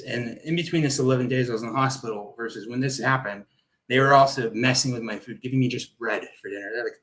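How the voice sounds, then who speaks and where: A man's voice: medium pitch, quick pace, low-quality recording. Man vividly recounting a personal ordeal. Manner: vivid, animated retelling with acted-out quotes. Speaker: guest, Air Force veteran. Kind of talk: personal storytelling in a podcast interview.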